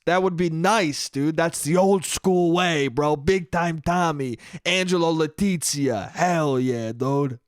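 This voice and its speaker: A man's voice: fairly high pitch, measured pace, hardly any pauses, smooth, no echo, studio quality. A young man hosting a casual solo podcast, rambling and swearing, slangy with "dude" and "bro". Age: young adult. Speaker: podcast host.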